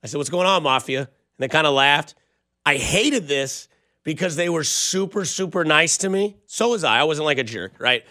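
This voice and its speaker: A man's voice: on the high side, lively intonation, moderate pace, bright, forceful tone, no room sound, studio quality. A young man hosting a sports radio show, chatting and telling rambling stories in a casual way. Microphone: studio microphone.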